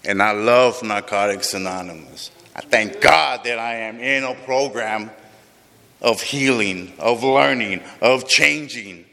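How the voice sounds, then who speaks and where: A man's voice: on the low side, unhurried, gravelly, sharp tone. A man sharing his recovery story with a group, raw and emotional, swearing often, heard in a large room. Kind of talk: personal recovery testimony to a group. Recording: long reverb of a large hall.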